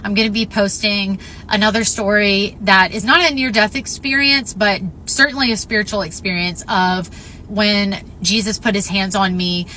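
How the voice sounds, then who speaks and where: A woman's voice: mid-range voice, fairly even intonation, moderate pace, pushed and bright, slight background noise, rough recording. A young woman earnestly telling a personal story to her followers, heartfelt and plain-spoken, with fillers. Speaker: vlogger.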